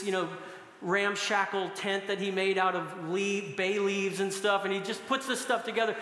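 Middle-aged guy preaching a sermon, kinda high voice, big echoey hall. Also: a bit bright. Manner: storytelling with bursts of laughter. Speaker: pastor. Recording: echoey hall with long reverb.

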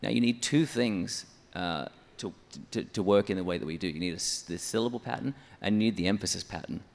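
A man's voice: lowish voice, fairly quick, creaky, in a large hall. A man who writes songs for church, explaining his method step by step in an interview. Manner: methodical, explanatory, counts syllables aloud. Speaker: church songwriter.

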